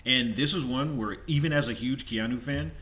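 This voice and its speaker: A man's voice: medium pitch, normal speed, bright, forceful tone, a little hiss or hum. A man co-hosting a podcast in casual chat, reading out listener submissions and laughing often. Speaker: podcast co-host.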